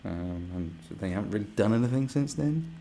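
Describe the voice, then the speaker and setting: A man's voice: on the low side, expressive, brisk, creaky, dark tone, slight background noise. A man hosting a live stream, ranting casually with lots of swearing and sarcastic asides. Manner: profane, sarcastic, mocks others in put-on voices.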